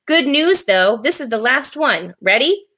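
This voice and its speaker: A woman reading a novel aloud, voicing a frivolous female beautician in a high, affected lilt whose sentence ends rise. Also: big pitch swings, a little slow, bright, forceful tone, breathy edge, full character voice. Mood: chirpy. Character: frivolous, chirpy female beautician of the pampered city.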